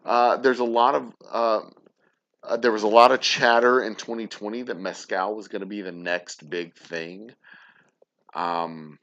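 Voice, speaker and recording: A man's voice: fairly low pitch, steady tone, a little slow, a bit bright, dull audio. A man hosting a casual livestream chat, rambling, profane and self-deprecating. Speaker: distillery show host.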